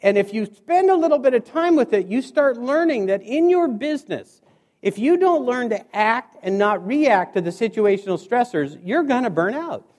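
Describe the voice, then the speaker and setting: A man's voice: extremely high pitch, normal speed. A man giving a humorous motivational speech, acting out dialogue as he tells his stories. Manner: animated storyteller acting out dialogue. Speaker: keynote speaker. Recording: hall reverb.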